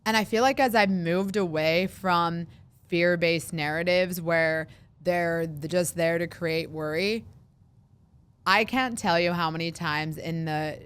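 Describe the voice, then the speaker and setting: A woman in her thirties hosting a solo podcast, talking casually and animatedly, acting out worried voices in quick asides. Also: sits low, clean tone. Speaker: podcast host.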